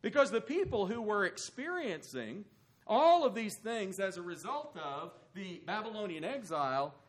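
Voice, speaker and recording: A man delivers a sermon in a fairly high voice. He preaches emphatically, climbing to loud, high points and then sinking low and quiet to press his argument. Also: sing-song, moderate pace.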